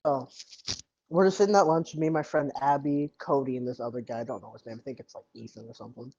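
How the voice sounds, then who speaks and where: A young man chats on a home podcast, cracking jokes and swearing offhandedly between bites of food. His voice sits at a middling pitch, and the recording sounds dull and lo-fi. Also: steady tone, quick pace, dark tone, dry recording. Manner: joking, eats while talking, swears casually. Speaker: podcast co-host. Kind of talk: casual chat.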